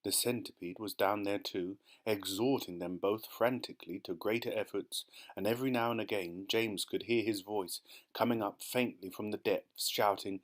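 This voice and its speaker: A man's voice: on the low side, fairly even intonation, normal speed. A man reading a children's audiobook as narrator, telling the story steadily and expressively. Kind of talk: scripted narration.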